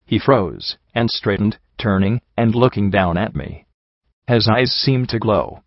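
A man narrating an audiobook story in a steady, even storytelling manner. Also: on the low side, a little slow, no room sound, lo-fi sound. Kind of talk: audiobook narration of fan fiction.

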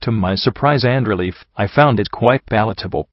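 A man narrates a first-person story in a steady, low voice, reading each scene with a descriptive pace. The sound is dry and close, and the recording has a dull, lo-fi edge. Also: normal speed, no echo. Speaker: audiobook narrator.

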